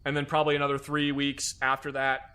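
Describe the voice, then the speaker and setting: A man telling a comic story from his army days in a deadpan, profane way. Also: medium pitch, quick pace, smooth.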